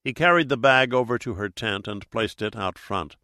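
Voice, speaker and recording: A man reading an audiobook in steady, measured narration. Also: medium pitch, dry recording, studio quality. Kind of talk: scripted narration.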